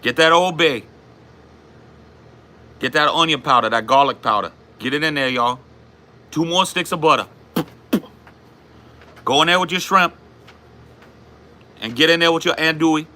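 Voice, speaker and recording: A man putting on a Cajun accent to play a loud, folksy cook who hollers cooking steps. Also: a little high, pitched above the performer's own voice. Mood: hyped. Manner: hollering cooking instructions, drawn-out y'all.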